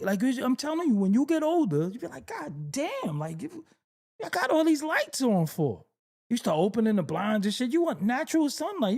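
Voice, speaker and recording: Middle-aged New man riffing in a loose comedic monologue, gravelly voice with lively pitch swings. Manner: animated storytelling, acts out exasperated voices, laughs often. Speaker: rapper talking on camera.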